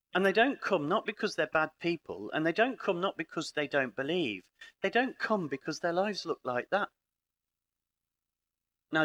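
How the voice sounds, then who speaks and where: A middle-aged British man addresses a hall full of people, his voice bright and fairly high. He swoops through a wide pitch range as he acts out conversations, with a dry, humorous edge. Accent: British English. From Britain. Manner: animated storyteller acting out dialogue, dry humour. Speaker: conference speaker. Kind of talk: lively live conference talk. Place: parish hall with an audience.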